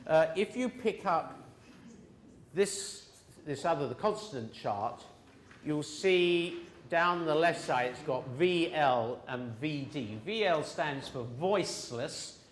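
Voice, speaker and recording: A man's voice: fairly high pitch, expressive, slow, roomy sound, a little hiss or hum. A man teaching a pronunciation class, patiently explaining sounds step by step and drilling his students. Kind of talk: classroom lesson.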